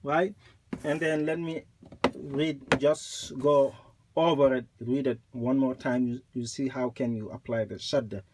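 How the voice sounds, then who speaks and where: A man teaching Quran recitation rules, explaining slowly and repeating points, with recited examples. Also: mid-range voice, fairly even intonation, a little mellow, a little hiss or hum.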